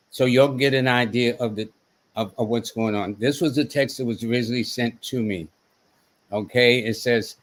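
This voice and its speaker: Male host, mid-pitched, easygoing live-stream talker who reads messages aloud. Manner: conversational, quotes text messages aloud, many fillers. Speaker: host and astrologer. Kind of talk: casual live-stream talk.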